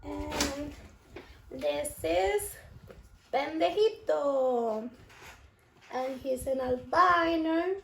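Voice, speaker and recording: A woman's voice: high voice, very animated, very slow, vocal fry, pauses often, fairly bright tone, slight background noise. A woman vlogger telling a story to camera in a chatty, emotional way, repeating herself, in an echoey room.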